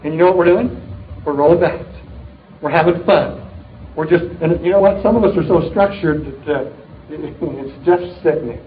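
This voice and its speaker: At a distributor meeting, a middle-aged sales leader pumps up a live crowd with an upbeat motivational talk full of punchy, jokey stories. His voice is highish at normal speed, and the tinny, narrow-band recording sounds echoey, as if over a phone line.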